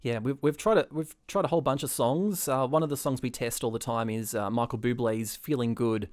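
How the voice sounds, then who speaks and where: A man's voice: mid-range voice, a little fast. A man co-hosting a podcast, chatting playfully and often laughing. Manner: playful, animated, prone to breaking into laughter. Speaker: podcast co-host. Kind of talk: casual comedic chat.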